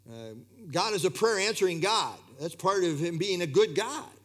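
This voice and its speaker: A man's voice: high voice, expressive, normal speed. A man preaching an expository sermon, earnest and emphatic, often repeating key phrases.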